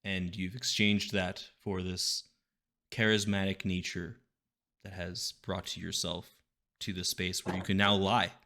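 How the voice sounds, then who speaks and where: A man narrating a tabletop game as game master, describing scenes slowly with many fillers. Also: deep voice, little pitch movement, sharp tone.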